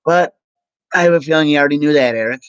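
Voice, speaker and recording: A man vlogging and reading aloud from the screen, halting with ums and self-corrections. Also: a little high, clear, resonant tone, no room sound, lo-fi sound. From Minnesota. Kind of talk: reading aloud from web pages.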